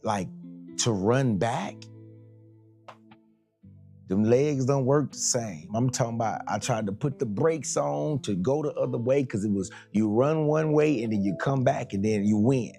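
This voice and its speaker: A man's voice: mid-range voice, a little slow, mellow, faint music behind. A man preaching in a conversational, colloquial way, telling dramatic stories and acting out every scene. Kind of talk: sermon storytelling.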